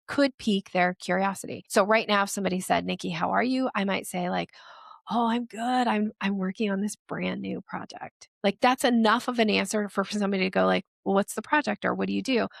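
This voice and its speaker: A woman sales strategist speaking as a podcast guest, explaining in a lively way and acting out the voices she quotes. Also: medium pitch, creaky, dry recording, studio quality.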